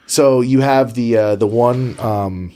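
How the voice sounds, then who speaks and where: A man's voice: mid-range voice, takes it slowly, warm tone. A man hosting a podcast in casual chat, telling stories in a rambling, profane way full of restarts, in a room at home. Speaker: podcast host.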